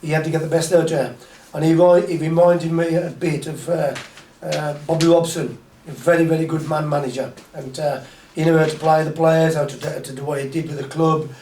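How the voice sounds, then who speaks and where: Older Black Country man, rambling guest chat, slightly high voice, off-mic in an echoey room. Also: steady tone, fairly quick, few pauses, darkish tone, distant mic, a little hiss or hum. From Tipton, England. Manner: rambling, chuckling, repeats phrases. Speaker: guest, former footballer. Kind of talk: casual interview chat.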